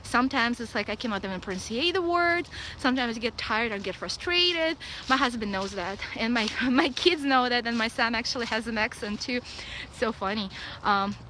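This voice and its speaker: Russian-accented woman in her 30s, high and bright, outdoor phone vlog, faint background noise. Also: moderate pace, low-quality recording. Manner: blunt, excitable, laughs often. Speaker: vlogger. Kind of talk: casual live vlog. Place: outdoors at a dog park.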